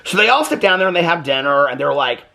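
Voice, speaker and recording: A man hosts a chatty, opinionated recap of a reality TV show, peppering his casual commentary with "like." He talks fast in a slightly high voice with lively intonation, vocal fry and a sharp tone.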